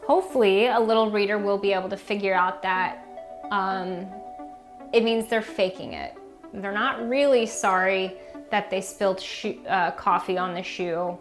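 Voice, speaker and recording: A woman in a middle pitch talks through a children's book like a teacher, loose and chatty, peppering her speech with "um" and "like". Faint music plays softly underneath her. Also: steady tone, normal speed. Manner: chatty, many fillers like "um" and "like". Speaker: reading teacher. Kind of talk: casual explanation of a picture book.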